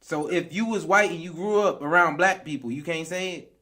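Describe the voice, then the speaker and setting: A man's voice: fairly high pitch, fairly quick, sharp tone. A man on a discussion panel who keeps probing with questions.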